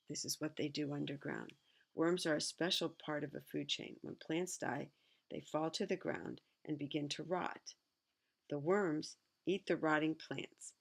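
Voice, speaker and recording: A woman's voice: sits low, fairly even intonation, a little slow, creaky, husky. A middle-aged woman reading a children's picture book aloud, stopping often for chatty asides of her own. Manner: chatty asides between read passages. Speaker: reader.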